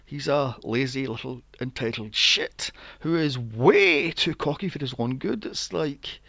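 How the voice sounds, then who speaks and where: A man's voice: mid-range voice, a little slow, gravelly, fairly bright tone, no room sound. A man co-hosting a movie podcast, ranting in an exasperated, sweary way and mocking characters with silly voices. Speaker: podcast co-host. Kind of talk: casual movie review chat.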